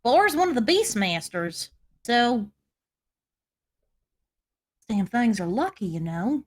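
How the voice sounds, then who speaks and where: A woman's voice: on the high side, very animated, slow. A woman acting as game master, narrating a tabletop game in a chatty, loose way with lots of asides.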